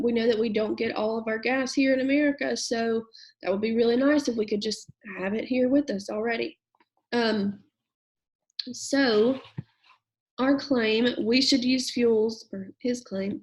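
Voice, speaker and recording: A woman's voice: a little high, poor audio. A woman teacher giving a recorded middle school English lesson. She reads a passage aloud and then explains it in a patient, conversational way with plenty of fillers.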